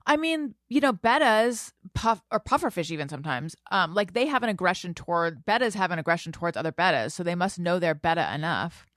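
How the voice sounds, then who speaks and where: A woman co-hosting a podcast in casual chat, animated and quick with jokes. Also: lowish voice, no room sound, studio quality. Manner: animated, laughing, quick asides. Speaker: podcast co-host.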